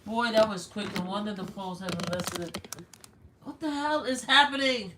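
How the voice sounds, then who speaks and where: An older woman from Brooklyn, speaking with a New York accent, hosts a casual livestream. She talks in a loud, exclamatory way, reads messages aloud and reacts with blunt cursing. Her voice sits at a middle pitch. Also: moderate pace, noisy background. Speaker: livestream host.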